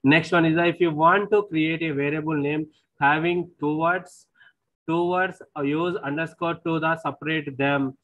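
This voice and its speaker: A man with an Indian English accent delivers a recorded classroom lecture in a slightly raised pitch. He explains patiently and repetitively, restating points and often prompting with "see". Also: fairly even intonation, moderate pace, narrow, tinny audio.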